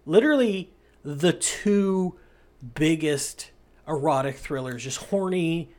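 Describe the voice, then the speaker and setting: A mid-pitched host who runs through film lists with rambling enthusiasm and casual swearing. The delivery is loose, chatty podcast talk. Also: animated, slow pace, darkish tone. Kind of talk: casual movie podcast chat.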